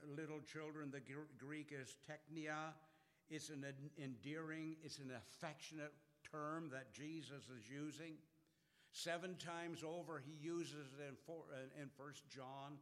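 Preacher in a reverberant hall. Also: male voice. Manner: swells loud on quoted scripture, drops low and soft after. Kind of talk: sermon.

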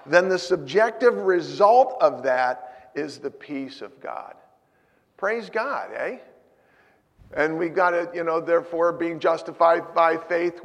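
A man preaching a sermon as pastor, moving between emphatic points and quiet personal storytelling. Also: a little high, creaky, big-room sound.

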